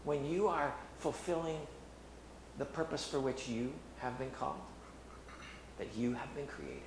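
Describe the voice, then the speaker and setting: A middle-aged man giving a sermon in an earnest, halting way, often restarting his phrases. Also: mid-range voice, background noise. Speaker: preacher. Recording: echoey room with faint ambience.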